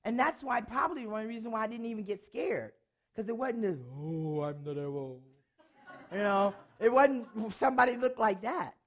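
A middle-aged woman giving a testimony sermon to an audience, a dramatic storyteller who laughs often and swings between loud and hushed. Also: a little high, normal speed.

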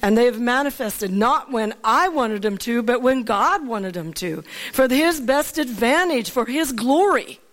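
Woman preacher from Alaska, high-voiced, animated storyteller. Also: a little slow, hardly any pauses. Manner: animated, laughing storyteller who asks the audience "Amen?". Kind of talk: storytelling sermon.

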